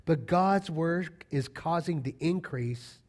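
A middle-aged man preaching a sermon as pastor, animated and storytelling, with emphatic repetition. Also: a little high, takes it slowly.

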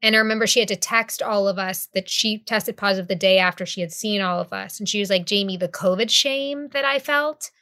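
A woman's voice: mid-range voice, brisk, hardly any pauses, sharp tone. A woman in her thirties co-hosting a podcast in casual chat, candid, swearing freely and acting out what people said. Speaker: podcast co-host.

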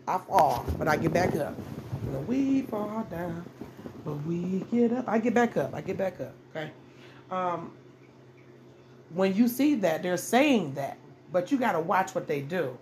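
A woman's voice: on the low side, a little mellow. Middle-aged woman hosting a casual advice podcast; blunt, salty delivery that hammers points home, with a faint noise floor. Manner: blunt, profane, repeats phrases for emphasis. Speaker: podcast host. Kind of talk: casual dating-advice monologue.

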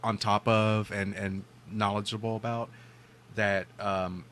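A man co-hosting a casual gaming podcast, teasing the others and thinking out loud with restarts. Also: fairly low pitch, little pitch movement, measured pace. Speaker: podcast co-host. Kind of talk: casual chat.

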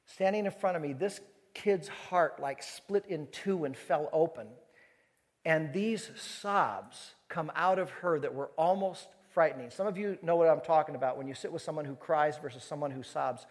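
A man preaching in a large hall, his voice carrying a long reverb. He tells his story with animated energy, acting out each exchange, at a slightly higher pitch than most men. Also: normal speed. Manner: animated storyteller who acts out dialogue. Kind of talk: sermon storytelling to a live audience.

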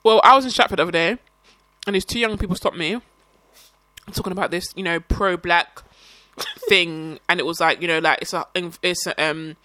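A woman's voice: lowish voice, normal speed, bright, forceful tone, no room sound. A young woman from South London with a London accent, chatting casually and teasing bluntly. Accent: London English. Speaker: podcast co-host. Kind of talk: casual chat. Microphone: close podcast mic.

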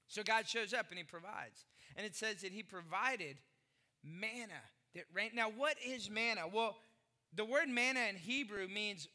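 High, bright-voiced joking pastor. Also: male voice, moderate pace. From Texas. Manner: animated, joking storyteller with rhetorical questions. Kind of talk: sermon.

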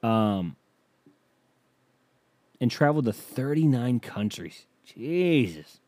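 A man's voice: mid-range voice, big pitch swings, takes it slowly, a little mellow, no room sound. A man hosting a comedy podcast, reading a biography aloud and riffing on it in an irreverent, sarcastic, profane way. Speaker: podcast host.

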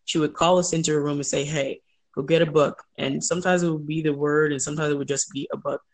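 Middle-aged woman, interview guest, gravelly voice, animated storyteller, acts out quotes, laughs often. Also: low-pitched, quick pace.

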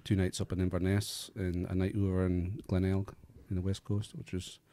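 A man's voice: sits low, level tone, moderate pace, warm tone. A man with a Scottish accent, co-hosting a football podcast and telling stories in easygoing, dry-humoured banter. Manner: laid-back storytelling, dry humour. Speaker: podcast co-host. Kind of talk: casual banter.

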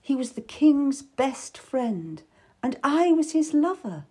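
A woman's voice: sits high, big pitch swings, takes it slowly, warm tone, pitched above the performer's own voice, heavily acted. Woman reading as a tough, worldly lady courtier. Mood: wistful. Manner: wistful and emphatic, with sudden bitterness. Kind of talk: audiobook character voice.

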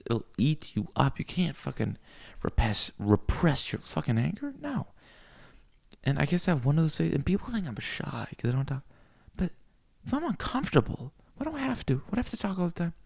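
A man rambling through a crude comic monologue, cursing freely and swinging into loud rants. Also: fairly high pitch, huge pitch swings, brisk, gravelly.

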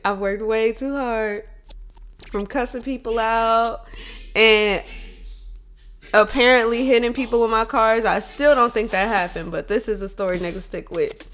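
A woman's voice: fairly high pitch, measured pace, pauses often, faint music behind. Blunt, profane woman telling a story. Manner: blunt, profane, animated, swings between loud venting and calm reflection. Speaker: bartender. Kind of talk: casual storytelling monologue.

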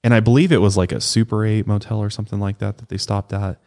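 A man with a notably deep, low voice talks through a true crime story in a relaxed, casual podcast manner. He tells it conversationally and keeps the flow going like he is chatting with a friend. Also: fast talker. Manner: casual, conversational retelling with acted quotes. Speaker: podcast co-host.

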